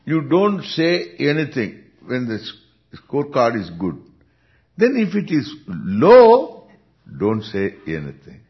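A man with an Indian accent, a spiritual teacher giving an unhurried Vedanta discourse, chuckling often as he speaks. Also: mid-range voice. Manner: unhurried, chuckling, lively intonation. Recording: dull lo-fi recording.

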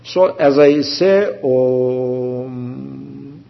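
A man giving a spiritual discourse as a teacher, speaking slowly with halting pauses and restarts and chanting Sanskrit terms. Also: fairly high pitch. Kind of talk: Vedanta discourse. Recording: dull lo-fi recording.

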